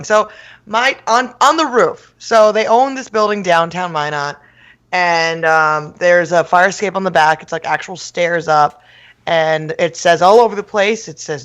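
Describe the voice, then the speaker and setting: A woman chats on a podcast and tells a story with lots of energy. She acts out the people in the tale and laughs as she goes. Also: on the low side. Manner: animated storyteller, laughs and shouts quotes. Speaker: podcast co-host. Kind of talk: casual chat, storytelling.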